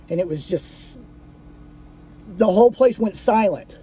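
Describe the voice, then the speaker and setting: A man with a high, mellow voice recounts a personal story. He talks casually and swears freely, stopping to restart his sentences and fill the gaps with "uh" and "like.". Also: a little slow, slightly rough. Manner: casual, profane, full of fillers and restarts.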